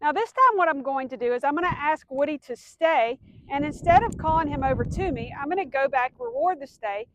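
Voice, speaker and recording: A woman's voice: sits high, animated, fairly quick, few pauses, a little hiss or hum. A woman dog trainer explaining commands step by step, giving firm cues to a dog. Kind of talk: instructional demonstration.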